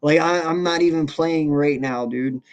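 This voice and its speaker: A man's voice: fairly high pitch, normal speed. A man co-hosting a sports podcast, ranting in a heated, profane, casual way. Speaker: podcast co-host.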